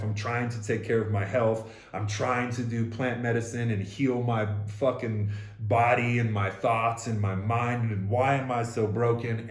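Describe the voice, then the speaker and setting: A man's voice: lowish voice, a little mellow, roomy sound. A man telling his own story candidly and bluntly, with frequent swearing, in a casual conversation. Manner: raw, blunt, swears freely. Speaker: podcast co-host sharing his story.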